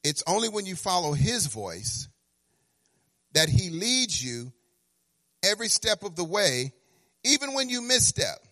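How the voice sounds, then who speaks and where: A man preaching with a high, bright voice that rings sharp. He acts out little conversations with God, stumbles into restarts and swings from hushed asides to loud, sing-song emphasis. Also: big pitch swings, a little slow, pauses often. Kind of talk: sermon.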